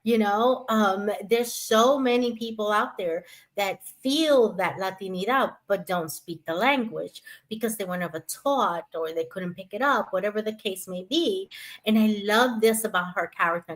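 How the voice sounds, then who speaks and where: A woman's voice: medium pitch, measured pace. Enthusiastic woman podcast host. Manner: enthusiastic, gushing, many fillers. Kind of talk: casual podcast chat.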